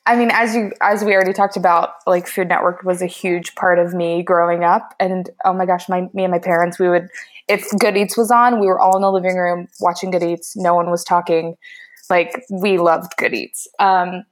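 A woman's voice: lowish voice, moderate pace. Chatty laughing woman telling a story. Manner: animated, laughing, many fillers like "like" and "um". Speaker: baker and cookbook author guest. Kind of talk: casual storytelling in a podcast interview.

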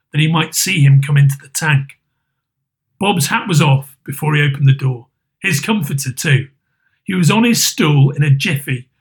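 Male reader for a classic tale, slightly higher voice, expressive delivery. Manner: expressive, varied pacing. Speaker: narrator. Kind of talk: dramatic storybook reading.

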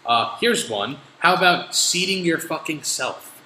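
A man holds forth in a lively, bright voice that swings up and down as he tells his story. His talk is full of profanity and exasperated asides. The room behind him is echoey, with a faint hiss underneath. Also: on the high side, unhurried. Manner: profane, animated rants, exasperated. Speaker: podcast host. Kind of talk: casual chat, storytelling.

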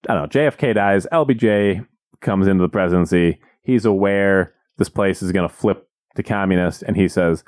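Man, low voice, animated jokey podcast banter, dry close sound. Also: moderate pace, no room sound. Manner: animated, jokey, acts out quotes in exaggerated voices. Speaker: podcast co-host. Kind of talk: casual banter and storytelling.

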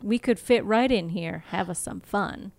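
A woman reading out a cocky, wisecracking male vampire villain in a breezy, smooth manner. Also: medium pitch, measured pace, darkish tone, dry recording.

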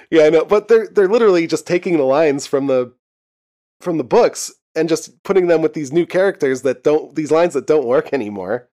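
A man's voice: fairly high pitch, expressive, moderate pace, warm tone. A young man co-hosting a podcast, casually recapping a TV episode, laughing often and swearing freely. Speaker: podcast co-host. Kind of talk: casual chat recapping a TV show.

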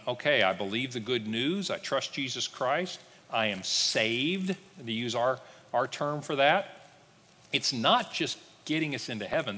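A male pastor preaching a sermon, lively and joking, acting out biblical figures in little voices. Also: mid-range voice, husky, in a large hall. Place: church sanctuary.

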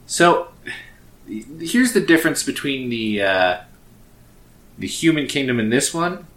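A man narrating a tabletop role-play game as game master, in a relaxed way with many fillers. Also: medium pitch, slow pace, roomy sound.

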